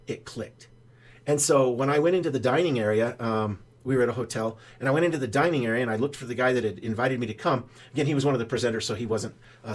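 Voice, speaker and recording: Folksy older man explaining money. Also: medium pitch. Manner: folksy, rambling, many ums and uhs. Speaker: financial adviser. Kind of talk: casual explainer talk.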